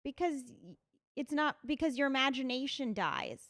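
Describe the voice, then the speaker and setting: A woman comedian guesting on a podcast in a studio, playful and quick to react. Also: high voice, animated, fairly bright tone. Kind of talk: casual comedic chat.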